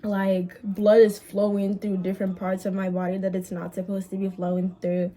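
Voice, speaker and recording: A young woman vlogger telling a story in casual chat, animated and swearing, with quick bursts and drawn-out words. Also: mid-range voice.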